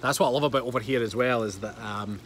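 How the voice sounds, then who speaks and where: This livestream host, a Scottish man in his thirties with a matching accent, talks fast in a medium-pitched, fairly bright voice while outside by a pool. He chats casually, laughing often and reading out viewer comments, with slight background noise.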